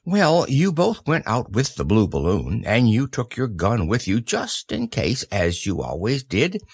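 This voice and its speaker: A man reads a children's story aloud, gentle and unhurried. His voice is slow with a gravelly texture and swings through a lively melody. The sound is close and dry. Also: mid-range voice, no room sound.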